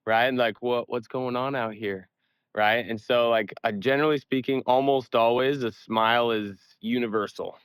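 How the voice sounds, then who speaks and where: A man's voice: medium pitch, a bit bright, clean tone, dry recording. A man, a sales veteran guest on a call-in interview, talking casually and often tagging "like" and "right?". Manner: casual, peppers talk with "like" and "right?"; acts out doorstep exchanges.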